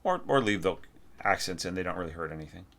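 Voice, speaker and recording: A very low-voiced man talking through a piece of music in an easygoing, thinking-aloud way. He gives feedback like a teacher and breaks into sung "da da" phrases to show a line. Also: lively intonation, quick pace, fairly bright tone. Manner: thinking aloud, sings melodies on nonsense syllables. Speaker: orchestration teacher. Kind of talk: casual spoken score evaluation.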